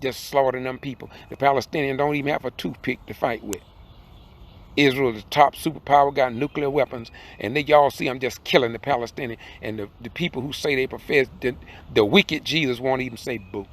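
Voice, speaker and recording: A man's voice: medium pitch, fairly quick. Older man in his sixties, a preaching commentator who drives hard at each point from behind the wheel. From southern Georgia, USA. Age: 60s. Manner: fiery, preacherly, repeats points, rises to emphatic peaks. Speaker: independent video commentator. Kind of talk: impassioned preaching monologue. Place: in a car while driving.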